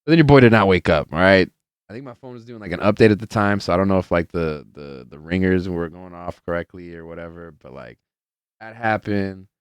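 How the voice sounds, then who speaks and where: A man's voice: deep voice, brisk, clear, resonant tone, no echo. A man hosting a casual solo podcast, telling rambling, profane stories full of fillers in a laid-back way. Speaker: podcast host.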